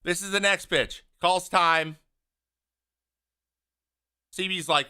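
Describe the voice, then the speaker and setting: A man with a bright, forceful voice pitched a bit high talks casually over a replay. He acts out each player's lines with big swings of pitch and loudness. He sounds blunt and openly exasperated. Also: slow pace, long pauses, smooth. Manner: animated, acts out what players say. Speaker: host, former pitcher. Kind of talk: casual video breakdown commentary.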